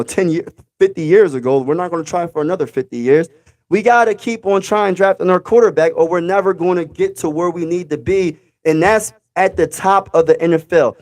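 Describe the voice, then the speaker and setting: A man hosting a live sports fan stream, ranting in a casual, emphatic way and repeating his points. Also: high voice. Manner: animated, emphatic, repeats phrases. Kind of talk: casual fan livestream rant.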